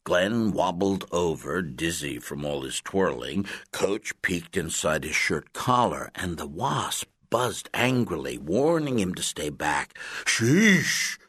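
With a low-pitched, husky voice, a man narrates a children's audiobook, deliberate and expressive in his storytelling. He's recorded close on a studio mic with no echo.

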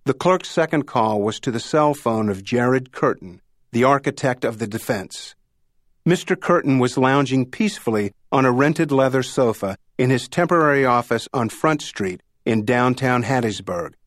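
A man narrating a novel in a measured storytelling delivery. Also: medium pitch, no echo, studio quality. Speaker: audiobook narrator. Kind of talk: scripted narration.

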